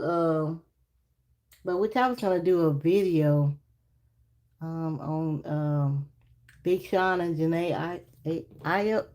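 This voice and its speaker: A woman reading tarot on a casual live stream, chatty and laughing often as she talks to her viewers. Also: darkish tone. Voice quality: naturally deep voice. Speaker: livestream tarot reader.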